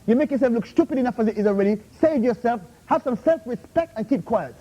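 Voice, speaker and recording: High-pitched man scolding a questioner. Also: lively intonation, fast talker, mellow. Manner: confrontational, repeatedly demands "Huh? How?"; scolding, drops Arabic terms into English. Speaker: invited Islamic speaker. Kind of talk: heated Q&A rebuttal. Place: university lecture room. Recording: muffled lo-fi recording.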